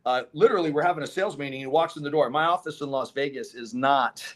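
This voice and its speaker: A man's voice: medium pitch, fast. A man, a solar company co-owner, telling stories in a casual interview, acting out other people's lines and laughing as he goes. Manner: animated, acts out dialogue with laughs.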